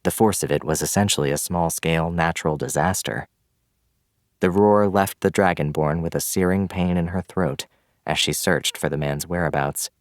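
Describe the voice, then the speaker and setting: A man giving scripted, measured audiobook narration of a fantasy novel. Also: sits low, dry recording, studio quality.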